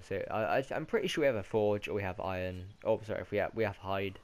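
A man's voice: on the low side, fast, few pauses. A man with a British accent giving casual let's-play commentary, rambling and correcting himself as he goes. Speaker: gaming commentator.

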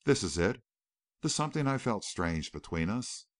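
A man voicing a distraught young wealthy city woman in an audiobook, pleading and breaking off in halting repeats. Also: on the low side, big pitch swings.

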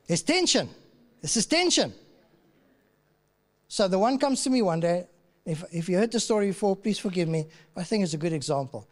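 A man's voice: high voice, lively intonation, moderate pace, long pauses. Pastor telling a story in his sermon, chatty, plays the parts, big echoey church. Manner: conversational storytelling, acts out dialogue. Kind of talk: sermon with personal stories. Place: church auditorium. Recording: reverberant church hall.

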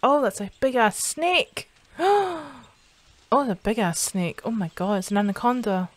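A woman's voice: fairly high pitch, expressive, measured pace, dry recording. A young Scottish woman streaming her reactions to scary videos, swearing, screaming and laughing at the scares. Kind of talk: casual reaction commentary.

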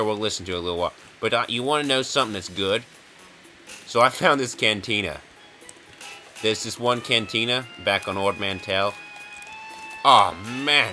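Bright-voiced man rambling over a game. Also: fairly low pitch. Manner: rambling, jokey, chuckles often. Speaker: gaming video host. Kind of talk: casual let's-play commentary.

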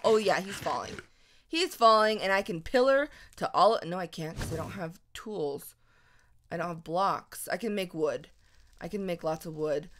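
A young woman giving chatty, excitable commentary on her own gameplay, gasping and squealing at surprises. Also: medium pitch, moderate pace, slight background noise. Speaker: gaming video host.

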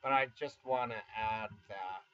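A man's voice: lowish voice, a little slow. Rambling fifty-something man, dull lo-fi sound. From United States. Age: 50s. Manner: rambling, self-deprecating, chuckling asides. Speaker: YouTuber. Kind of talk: casual vlog talk. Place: home studio.

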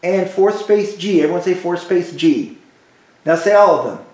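Patient music teacher, lively high voice. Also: male voice. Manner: slow, patient, repeats drills for kids. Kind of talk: call-and-response music lesson. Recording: echoey room.

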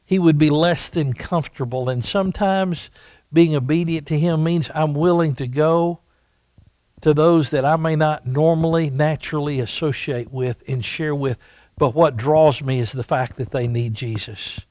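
Male pastor preaching in church. High voice, slow and emphatic delivery, dry close sound. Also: darkish tone, no room sound. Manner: emphatic, repeats rhetorical questions. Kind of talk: sermon. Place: church sanctuary.

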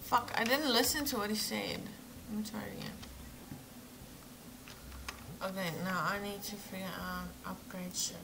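A woman's voice: mid-range voice, steady tone, moderate pace, vocal fry, pauses often, noisy background. A woman commenting casually while playing a video game, muttering, laughing and swearing in asides. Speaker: gamer. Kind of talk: casual let's-play commentary.

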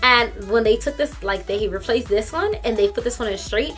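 A young woman tells a story to camera in a high voice, animated and full of slang. Her tone is bright and sharp, and faint music sits behind her talk. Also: normal speed. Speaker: vlogger. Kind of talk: casual storytelling. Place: room in her parents' home.

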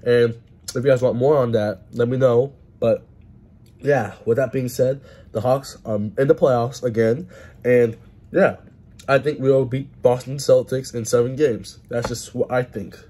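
A man vlogs straight into a handheld phone camera, his voice sitting at an ordinary middle pitch. He is an excitable sports fan who swears freely and keeps talking through mouthfuls of food. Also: measured pace. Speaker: vlogger. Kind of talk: casual chat to camera.

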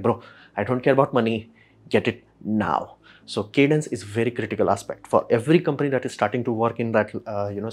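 A man, casually explaining rocket industry news as a channel host and acting out quick imagined exchanges. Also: medium pitch, a little mellow. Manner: rapid, filler-heavy, acts out imagined dialogue.

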